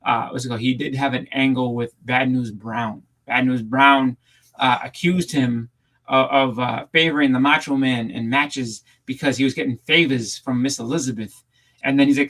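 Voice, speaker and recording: A man's voice: mid-range voice, fairly even intonation, fairly quick, bright, forceful tone, rough recording. A man chatting casually on a livestream panel, telling long rambling stories full of restarts and fillers. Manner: rambling storyteller with many restarts. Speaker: panel co-host. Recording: home setup over a livestream.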